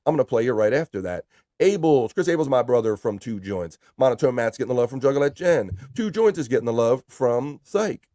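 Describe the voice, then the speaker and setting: A man hosting a casual livestream, reading viewer comments aloud and shouting out chatters by name in a loose, profane way. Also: medium pitch, lively intonation, brisk, no room sound, studio quality. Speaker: livestream host.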